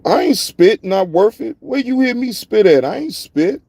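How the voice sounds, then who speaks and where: Guy ranting on his live stream, lots of cussing, talks to chat, kinda high voice, dead dry sound. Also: very animated, normal speed, creaky, dark tone, slightly rough, no room sound. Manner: profane, repetitive, talks to chat viewers by name. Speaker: live-stream reaction host. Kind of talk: casual live-stream commentary.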